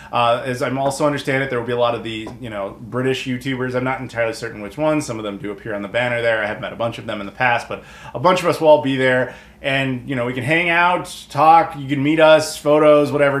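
A rambling American man talks his viewers through newly arrived packages in a casual, loose way. His voice sits at a middle pitch and rings a little in the room around him. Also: reverberant. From United States. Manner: chatty and rambling, with many fillers. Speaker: video game collector YouTuber. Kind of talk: casual unboxing talk to camera.

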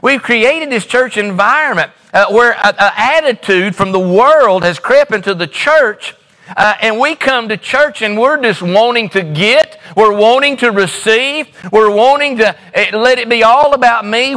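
Preaching from a church sanctuary, a middle-aged pastor drives his points home with emphatic repetition and folksy stories. His voice is high for a man, bright and forceful, at a measured pace, and a long reverb tail follows his words.

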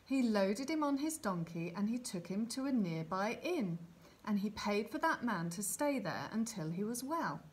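A woman voicing Jesus as a calm, kindly male teacher in a read-aloud Bible storybook. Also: mid-range voice, moderate pace, lightly acted. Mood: gentle.

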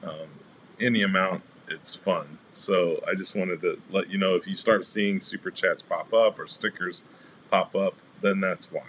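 A man's voice: low-pitched, a little slow. A man hosting a casual crafting livestream, chatting with viewers and greeting them by name as he shows his cards. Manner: relaxed, rambling with fillers.

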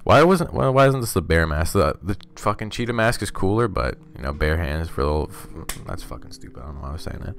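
A man's voice: low-pitched, very animated, quick pace, gravelly, hardly any pauses. A man streaming a video game, chatting casually with loose, profane, wry asides as he plays. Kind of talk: casual let's-play commentary.

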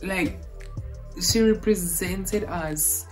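A South African woman talks slowly in a low-pitched voice, gushing and piling up exclamations. It is a casual reaction vlog, with faint music behind her. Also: expressive, poor audio. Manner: effusive, gushing, repeats exclamations. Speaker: vlogger reacting to a film.

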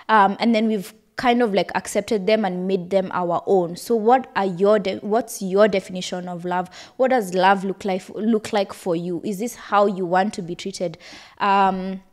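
A young woman hosting a podcast, giving candid, conversational advice with an emotional edge. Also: medium pitch. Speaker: podcast host. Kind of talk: personal advice talk.

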